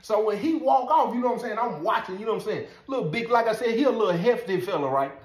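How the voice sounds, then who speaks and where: A man telling a story in a casual, animated way, laughing often and asking "you know what I'm saying". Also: sits high, very fast. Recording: roomy echo.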